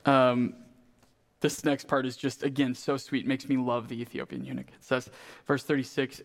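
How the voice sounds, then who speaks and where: A man's voice: medium pitch, flat delivery, normal speed, creaky. A male pastor preaching a sermon in a casual, conversational way, often asking "right?".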